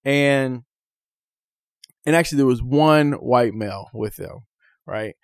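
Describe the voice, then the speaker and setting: Guy cohosting a podcast, mid-pitched voice, dry close sound, tells stories and acts out what people said. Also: slow pace, dry recording. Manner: animated storyteller, acts out quotes. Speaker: podcast co-host. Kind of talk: casual chat.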